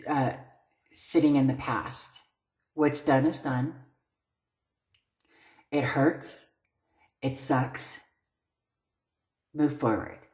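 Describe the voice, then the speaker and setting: A woman's voice: extremely low pitch, darkish tone, echoey room. A woman giving a tarot card reading, blunt and emphatic, often checking in with "okay?". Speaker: tarot reader.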